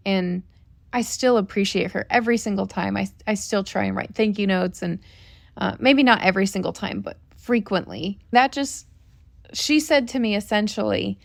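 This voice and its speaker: A woman's voice: mid-range voice, normal speed, gravelly, dry recording, studio quality. A woman co-hosting a family podcast, telling a personal story in an earnest, reflective way. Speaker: podcast co-host. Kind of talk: casual storytelling chat.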